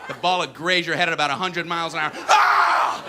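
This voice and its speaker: A man doing stand-up comedy, telling stories and bursting into shouted voices of other characters. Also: a little high, steady tone, very fast. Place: comedy stage. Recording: live show with crowd laughter and noise.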